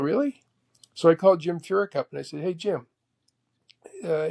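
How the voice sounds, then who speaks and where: A man in his sixties from Canada, a guest telling animated anecdotes and acting out both sides of old conversations. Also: a little high, creaky. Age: 60s. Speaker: guest, golf professional. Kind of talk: casual storytelling chat.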